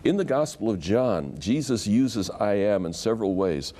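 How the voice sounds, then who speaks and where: Low, mellow-voiced man explaining scripture. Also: normal speed. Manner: animated storyteller who acts out quotes. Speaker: Bible scholar guest. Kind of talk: explanatory teaching in conversation.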